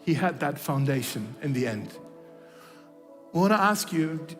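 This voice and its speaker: A man's voice: a little high, animated, moderate pace, in a large hall, faint music behind. A man preaching a sermon, telling a story and acting out its dialogue, with frequent restarts. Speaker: pastor. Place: church hall.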